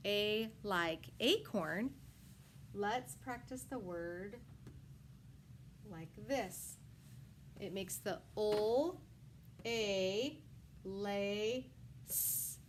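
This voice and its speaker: A woman teaching a first grade phonics lesson, sounding out words slowly piece by piece and praising often. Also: medium pitch, a little hiss or hum. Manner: slow, sound-by-sound enunciation with frequent praise. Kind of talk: phonics lesson for young children.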